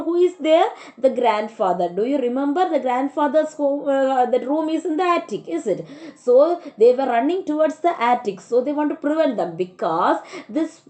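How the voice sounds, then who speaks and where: A woman teacher walks her class through a story, paraphrasing each step. Her voice sits a little high but sounds mellow and soft-edged. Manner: explains and paraphrases, often says "okay, so". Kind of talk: online class lecture retelling a story.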